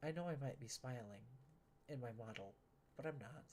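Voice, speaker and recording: A woman's voice: very deep voice, normal speed, a little mellow, a little hiss or hum. A woman streaming a train building game, talking casually to herself and viewers, sarcastic and exasperated, often swearing.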